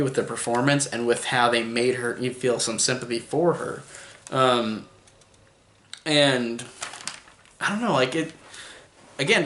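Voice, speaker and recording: A man's voice: medium pitch, a bit bright. Guy rambling through a movie review, lots of "like", medium voice, echoey room. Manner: rambling, full of "like" and restarts, chuckling. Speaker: film reviewer. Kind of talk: casual spoken movie review.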